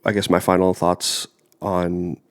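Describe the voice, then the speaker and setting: A man's voice: low-pitched, flat delivery, unhurried. A young man in his twenties with a cold that leaves him congested, chatting casually and rambling as a podcast co-host. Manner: rambling, filler-heavy. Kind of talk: casual chat.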